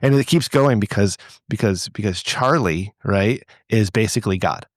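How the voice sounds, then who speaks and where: Low-voiced rambling podcast host, a man. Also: normal speed, dry recording. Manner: rambling, profane, with frequent restarts. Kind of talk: casual podcast chat.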